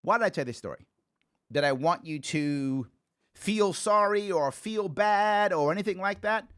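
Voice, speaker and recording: A man's voice: high voice, measured pace, a bit bright, smooth. A man in his forties from the Bronx, hosting a call-in talk show and telling stories in a conversational, thinking-aloud way. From the Bronx, New York.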